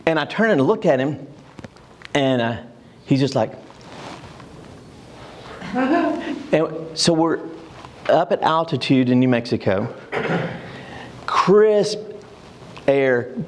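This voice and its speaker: A man's voice: a little high, big pitch swings, slow, pauses often, a little hiss or hum. An older man teaching a church class, telling stories with frequent fillers and restarts.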